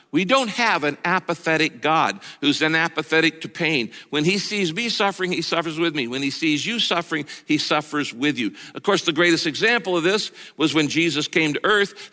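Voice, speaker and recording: A middle-aged man preaches a sermon in a bright, forceful voice pitched a little high for a man. He is emphatic, slowing down and dropping low on the lines he wants to land. The sound carries a long reverb from a large church auditorium. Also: expressive. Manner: emphatic, slows down and drops low on key lines. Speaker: pastor.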